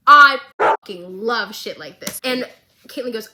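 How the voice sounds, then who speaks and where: Young woman vlogger, kinda high voice, rambles and swears a lot, super excitable. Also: a little fast, poor audio. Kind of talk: casual recap of a TV show.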